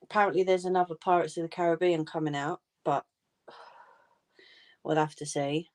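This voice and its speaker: A woman's voice: fairly low pitch, little pitch movement, normal speed, long pauses, darkish tone. A woman chatting casually and informally with viewers on a home crafting livestream, laughing often.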